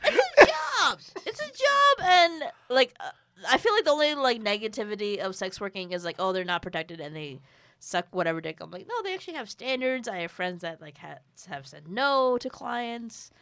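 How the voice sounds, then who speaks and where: A woman's voice: medium pitch, very animated, fairly quick, fairly bright tone, no room sound. A woman talking expressively in a casual group chat, rising sharply when she makes a point.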